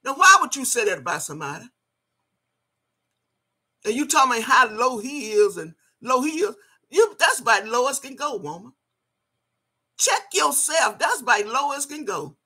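An older woman delivers a heated rant straight at someone she disapproves of. Her voice is sharp and forceful, and she curses freely and repeats phrases over and over to drive her points home. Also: high voice, big pitch swings, moderate pace, pauses often, husky. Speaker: video blogger. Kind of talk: ranting commentary.

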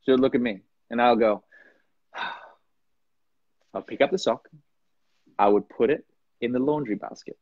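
Speaking unhurriedly and pausing often, a man from Norway makes casual conversation as a podcast guest in a mid-range voice. He's loose and animated, shifting upward into playful voices to act things out. Dry and close, the recording has a slightly dull, lo-fi quality.

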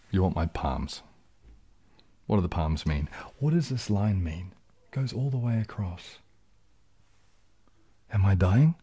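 Speaking in a low-pitched, husky voice, a man runs a casual, soft-spoken ASMR stream late at night. He reads out viewer questions and rambles easygoingly, at times dropping to a whisper.

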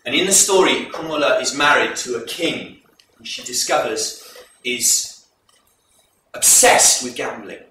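A man presenting a folk performance, retelling the tale to a live audience in a measured, explanatory way. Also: medium pitch, expressive, sharp tone, a little hiss or hum. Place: live event hall. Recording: echoey hall recorded from far off.

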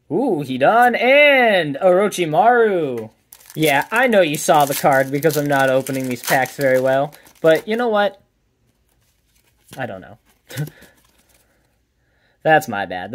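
Chatty man opening card packs. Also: a little high. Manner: upbeat, chatty, calls out each card as pulled. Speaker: card collector and channel host. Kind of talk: casual card pack opening commentary.

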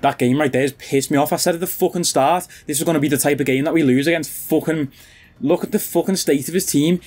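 A man's voice: mid-range voice, darkish tone. A young man, commentating his own football video game match with constant swearing and frustrated ranting. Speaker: gaming YouTuber. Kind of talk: live gameplay commentary.

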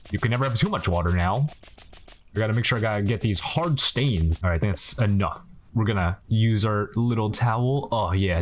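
Playful young man with lively pitch. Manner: joking, playful, talks to game characters. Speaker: gaming commentator. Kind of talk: casual let's-play commentary.

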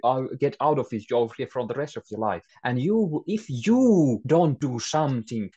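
A man's voice: medium pitch, dark tone, breathy edge. A man, preaching earnestly and urgently at a bible study as an English speaker.

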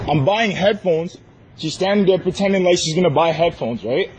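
Insistent high-voiced man confronting staff. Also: normal speed, a little hiss or hum. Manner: loud, insistent, repeating demands. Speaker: customer filming a confrontation. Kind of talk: heated filmed confrontation. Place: inside a large store. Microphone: handheld phone recording.

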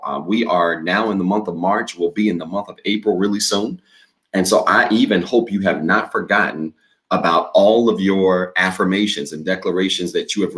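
A deep-voiced middle-aged man preaching to his congregation as their pastor. He speaks upbeat and direct, then reads declarations slowly for the listeners to repeat after him. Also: a bit bright. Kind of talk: sermon with responsive reading.

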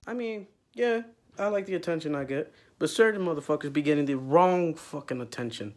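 Loud profane young man ranting. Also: a little high, fairly quick. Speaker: vlog host. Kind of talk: profane rant to camera.

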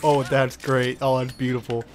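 A man giving excitable let's play commentary, swearing often and taunting the creatures on screen. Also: mid-range voice, normal speed, slight background noise. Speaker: gaming YouTuber.

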